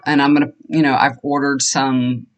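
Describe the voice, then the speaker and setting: A woman's voice: very deep voice, little pitch movement, moderate pace. Brief: older woman vlogger, rambling chatty storyteller, homey tone. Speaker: tarot reader and energy healer. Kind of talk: casual chat to viewers. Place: home room, fan switched off.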